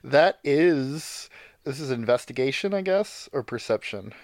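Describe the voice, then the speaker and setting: A man playing a tabletop game, casually thinking out loud about his character's moves. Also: medium pitch, expressive, unhurried, dry recording. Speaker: player.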